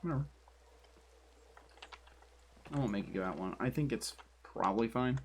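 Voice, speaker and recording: A man's voice: mid-range voice, animated, normal speed, gravelly, pauses often, darkish tone, slightly rough. Rambling, chatty male streamer. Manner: rambling, chatty, self-deprecating. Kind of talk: casual commentary while building in a game. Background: keyboard typing and clicks.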